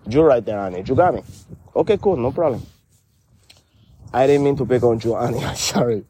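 A man's voice: medium pitch, expressive, fairly quick, dark tone, slight background noise, lightly acted. A man voicing a brash middle-aged character with a Spanish-inflected English accent who calls everyone honey and rambles in street slang. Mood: defensive. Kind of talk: comedy sketch dialogue.

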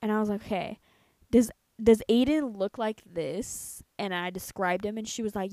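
A young woman in her twenties from the United States, telling a story on a podcast in a casual, profane, animated way. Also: mid-range voice, slow pace, no room sound. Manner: profane, animated, quotes herself and others. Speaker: podcast co-host.

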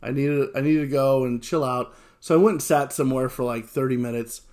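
A man telling a lively personal anecdote, acting out what people said and laughing along the way. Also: medium pitch, fairly quick. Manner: animated storyteller who acts out quotes and laughs often.

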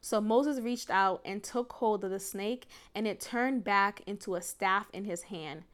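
Animated laughing woman podcaster. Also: mid-range voice, a little slow. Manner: animated, laughing often, emphatic. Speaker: podcast host. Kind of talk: casual faith podcast talk.

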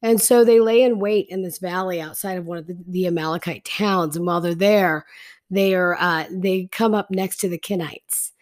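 A woman's voice: on the low side, moderate pace. A woman teaching a Bible story in a casual, chatty way, retelling scripture in slangy everyday speech.

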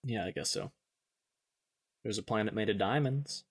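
A man's voice: fairly low pitch, moderate pace, husky. A man co-hosting a casual podcast, joking around and riffing on words and names. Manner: jokey, riffs on words and names. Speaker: podcast co-host. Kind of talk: casual chat.

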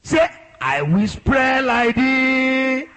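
A man preaching a sermon as a pastor, leading a congregation in loud, exhorting prayer. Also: very high voice, big pitch swings, slow pace, slightly rough.

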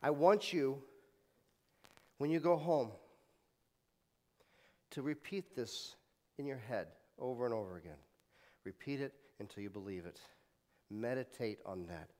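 A man's voice: on the high side, big pitch swings, measured pace, pauses often, in a large hall. A man preaching a sermon as pastor, retelling scenes dramatically and leading the congregation in repeating scripture. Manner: dramatic retelling with swings from loud to hushed; leads congregation in call-and-response repetition.

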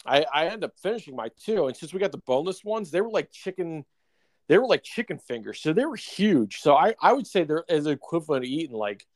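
A man with a slightly high voice tells a meandering story in loose podcast chat. He laughs often and leans on fillers as he goes. The sound is dry and close. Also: very animated, a little fast, no room sound. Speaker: podcast co-host. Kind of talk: casual chat.

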